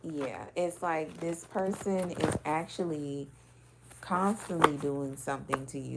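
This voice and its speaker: Low-voiced blunt woman giving a reading. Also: steady tone, unhurried, vocal fry, noisy background. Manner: loose and blunt, swears, many filler "like"s. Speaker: spiritual card reader. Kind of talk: casual intuitive reading to camera.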